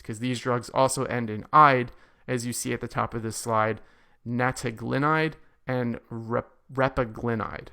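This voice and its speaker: A man's voice: medium pitch, steady tone, normal speed, sharp tone, clear, resonant tone. A man giving a recorded pharmacology lecture, explaining and repeating key points for emphasis. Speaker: medical lecturer.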